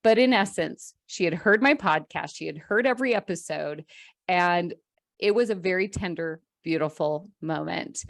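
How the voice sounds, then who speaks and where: Woman podcast host, lowish voice, dry close sound, effusive and heartfelt. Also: no room sound. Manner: effusive, gushing praise. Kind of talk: heartfelt podcast introduction and chat.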